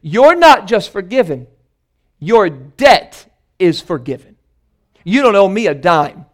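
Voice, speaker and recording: A male preacher playing a king who demands repayment of a debt, speaking slowly and firmly. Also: high-pitched, big pitch swings, full character voice. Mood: generous. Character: stern king demanding his money back.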